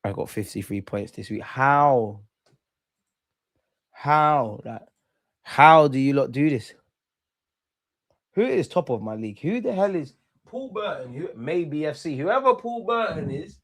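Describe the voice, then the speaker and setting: A man's voice: a little high, big pitch swings, unhurried, long pauses. A man hosting a live football watch-along stream, chatting loosely and bantering with his viewers in slangy speech.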